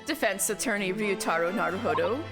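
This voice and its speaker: A woman voicing a dignified older father in a video game, low and measured, with game music behind. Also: lively intonation, lightly acted. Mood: proud.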